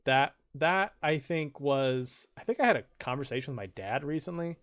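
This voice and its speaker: A man streaming a game and reading out viewer quotes in casual, rambling chat, jumping into loud, high voices when he quotes someone. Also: animated, normal speed.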